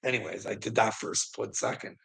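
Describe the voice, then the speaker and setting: A man tells a long, rambling personal story, laughing as he goes and swearing constantly. His voice is gravelly with plenty of fry. It also has a bright, forward edge to it. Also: fairly low pitch, steady tone, a little fast, low-quality recording. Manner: profane, rambling, laughs often. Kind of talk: casual storytelling monologue.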